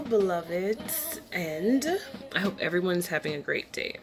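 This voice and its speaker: A woman's voice: fairly low pitch, sing-song, unhurried, over music. A woman hosting her own online show, talking in a chatty, rambling and upbeat way. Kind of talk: casual vlog monologue.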